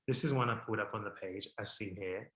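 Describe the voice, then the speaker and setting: Expressive man in an echoey room. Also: fast. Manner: expressive, warm about his subject, rises in pitch and volume when excited; reads a French poem aloud with care. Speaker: speaker giving a history talk. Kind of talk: presentation to an online audience.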